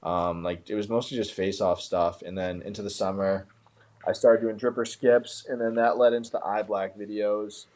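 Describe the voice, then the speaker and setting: Young man, very low voice, laid-back and filler-heavy, guesting on a call-in podcast. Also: level tone, moderate pace, darkish tone. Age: young adult. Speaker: guest, content creator. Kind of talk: casual podcast chat. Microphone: remote call.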